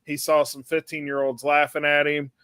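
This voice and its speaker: A man's voice: a little high, normal speed, clear, resonant tone, dry recording. Podcast co-host, male, rambling crude storyteller, dry close sound. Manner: rambling, animated anecdote with crude language. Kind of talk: casual storytelling chat.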